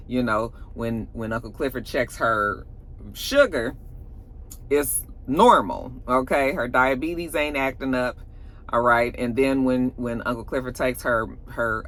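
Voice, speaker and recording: A woman's voice: very deep voice, a bit bright. A woman giving a casual, slangy recap review of a TV episode, acting out the characters' lines as she goes. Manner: chatty, slangy, acts out quoted lines.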